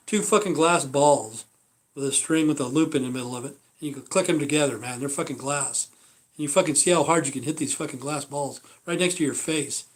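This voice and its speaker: A man in his fifties from the United States rambles through a casual livestream monologue, blunt and swearing constantly. His voice sits a little high for a man, and his sentences often fade into a mumbled "you know."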